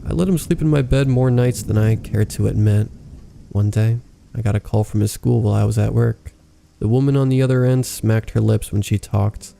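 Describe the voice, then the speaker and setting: Gravelly, very dark-voiced male storyteller. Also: fairly low pitch, fairly even intonation, moderate pace, a little hiss or hum. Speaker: horror story narrator. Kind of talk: scripted narration of a horror story. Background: faint rain ambience.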